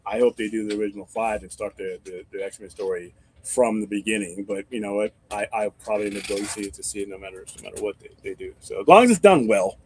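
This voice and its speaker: A man's voice: on the low side, fast talker, slight background noise. A man hosting a casual live-stream chat, rambling and swearing freely as he thinks aloud with restarts. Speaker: host.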